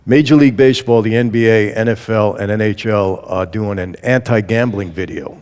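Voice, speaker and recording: Lively man telling a story in a reverberant room. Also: on the low side, brisk, clear, resonant tone. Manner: lively storyteller who acts out quoted dialogue. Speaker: interview guest. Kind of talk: storytelling testimony.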